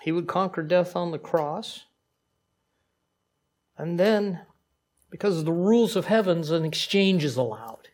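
A man preaching a sermon in a conversational, animated way, with frequent asides to the congregation. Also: fairly high pitch, a little slow, long pauses. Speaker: pastor.

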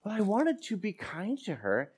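A man's voice: high voice, wildly swooping pitch, normal speed, a little mellow, slightly rough. A middle-aged man preaching a sermon, breaking off into personal stories with self-deprecating humor. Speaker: pastor.

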